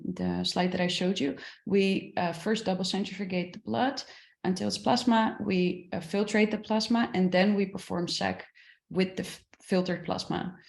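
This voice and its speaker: A woman's voice: lowish voice, vocal fry, darkish tone, roomy sound. A woman researcher answering audience questions in a panel discussion, careful and full of fillers, over a video call. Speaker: presenting researcher.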